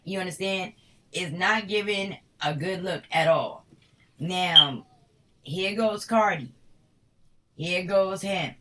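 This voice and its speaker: A woman's voice: lowish voice, slow pace, long pauses, pushed and bright, far from the mic, slight background noise, poor audio. A woman from Harlem with a New York accent, giving a casual tarot reading in a blunt, slangy, profane way. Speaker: tarot reader.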